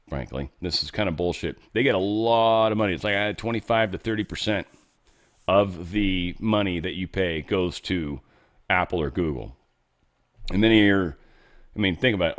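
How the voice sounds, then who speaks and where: A man hosting a casual news commentary show, reading headlines with sarcastic, offhand asides. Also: fairly low pitch. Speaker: host.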